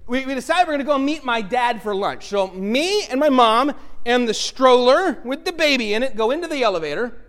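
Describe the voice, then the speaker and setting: A middle-aged male pastor preaching a sermon, telling a personal story in a lively way and acting out the voices. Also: extremely high pitch, a little fast. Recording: long reverb from a large hall.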